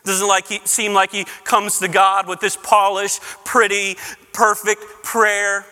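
Pastor guy preaching, high bright voice, stacks repeats and pleads hard, big church echo. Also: completely flat delivery, a little slow, soft background music. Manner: repeats words while building up, rising into passionate pleading. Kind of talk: sermon. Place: church sanctuary.

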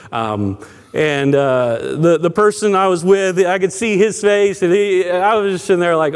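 A man with a high voice preaches to his congregation, telling stories in an easy, conversational way. He often stumbles and restarts his sentences. The sound has the long reverb of a church hall. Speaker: pastor. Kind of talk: sermon.

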